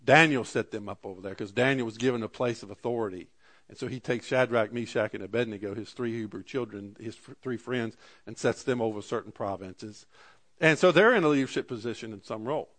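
A man preaching a sermon, reading scripture slowly and dropping his voice for asides. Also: fairly bright tone. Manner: slows and rises for scripture readings, drops low for asides; archaic scripture readings, repeated "Amen". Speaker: pastor.

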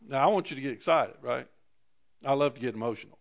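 A man preaching a sermon in a halting way, often repeating words and asking the congregation for an amen. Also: mid-range voice.

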